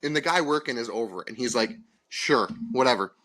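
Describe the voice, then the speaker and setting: A man's voice: mid-range voice, lively intonation, racing, bright, forceful tone. A man, co-hosting a podcast and telling a profane, exasperated story, acting out the people in it. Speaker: podcast co-host. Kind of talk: casual storytelling chat.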